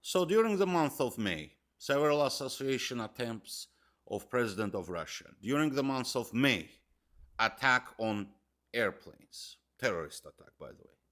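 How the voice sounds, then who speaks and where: A man's voice: mid-range voice, very animated, moderate pace, a bit bright. A man giving a political commentary monologue, emphatic and hammering key words, speaking in broken English phrasing.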